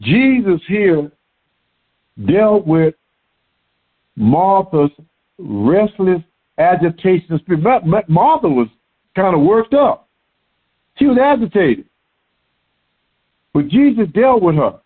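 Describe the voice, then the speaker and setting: A man preaching a sermon in an animated way, repeating words for emphasis. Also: high-pitched, slow, pauses often, breathy edge. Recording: tinny phone-like sound.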